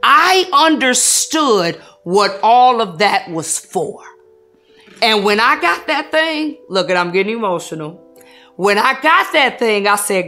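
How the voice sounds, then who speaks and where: A woman's voice: medium pitch, animated, a little slow, pushed and bright, faint music behind. A woman salon business coach giving an earnest, emotional testimony in a documentary interview, with a preacherly rhythm.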